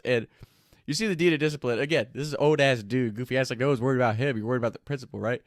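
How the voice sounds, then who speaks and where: A man's voice: mid-range voice, racing, dry recording, clean studio sound. A man hosting his own show, telling a story in a loose, casual way with lots of swearing and fillers. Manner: laid-back, profane, rambling with many fillers. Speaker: host.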